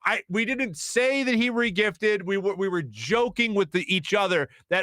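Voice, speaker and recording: A man hosting a sports talk show in a studio, telling a story in a lively way and laughing as he acts out what people said. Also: high-pitched, moderate pace, no echo. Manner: animated, laughing as he acts out quotes. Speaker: host. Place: radio studio.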